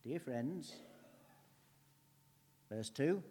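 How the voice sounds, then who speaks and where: A man giving a conversational sermon as a preacher, earnest, swinging between emphatic lines and hushed ones. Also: medium pitch, expressive, unhurried. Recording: long hall reverb.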